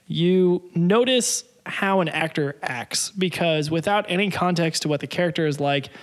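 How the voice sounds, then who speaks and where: A man co-hosting a casual podcast, chatty and animated, laughing often as he talks. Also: fairly high pitch, normal speed. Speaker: podcast co-host. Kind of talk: casual chat.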